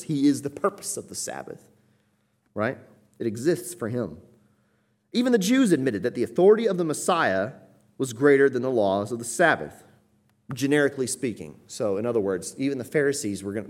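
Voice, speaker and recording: A man teaching through a Bible passage verse by verse, explaining the Greek text and stressing key points with emphasis. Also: mid-range voice. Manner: explanatory, emphatic, quotes commentators.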